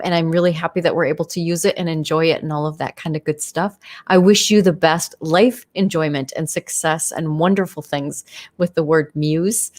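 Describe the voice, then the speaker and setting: A middle-aged woman hosting a casual livestream, talking in a chatty, enthusiastic way with many fillers. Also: fairly low pitch. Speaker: livestream host.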